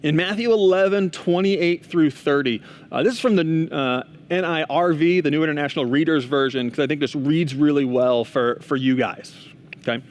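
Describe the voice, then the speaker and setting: A man's voice: a little high, moderate pace. A young man giving a casual chapel talk to students, telling a story in a chatty way with frequent asides and restarts. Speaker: school chapel speaker.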